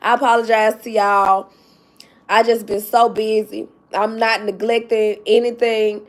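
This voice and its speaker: A woman's voice: fairly high pitch, little pitch movement, measured pace. A woman chatting on her livestream, emphatic and tearful with joy, calling her viewers "baby" and "y'all". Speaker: YouTube vlogger. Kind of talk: casual livestream chat.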